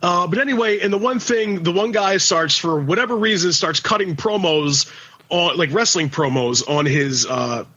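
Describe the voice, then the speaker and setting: A man's voice: high-pitched, normal speed, bright, forceful tone, dull audio. A man co-hosting a podcast in casual chat, rambling and swearing, with many restarts. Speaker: podcast co-host.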